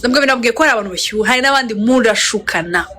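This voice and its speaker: A woman tells a story as an interview guest in a relaxed, chatty way. Her voice sits a little high and she gets excitable, switching languages and laughing often. A faint hiss of ambience runs under her. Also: very fast. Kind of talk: casual storytelling chat.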